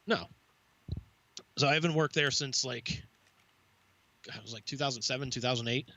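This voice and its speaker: A man's voice: mid-range voice, normal speed, no room sound, muffled recording. A man on a podcast telling a casual, profane story, acting out the voices of the people in it. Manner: animated, swearing, acts out quoted voices. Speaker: podcast co-host.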